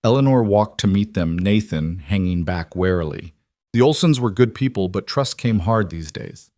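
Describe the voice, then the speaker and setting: Low-voiced male story narrator, dry. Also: lively intonation, normal speed, a little mellow, dry recording. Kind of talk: scripted narration.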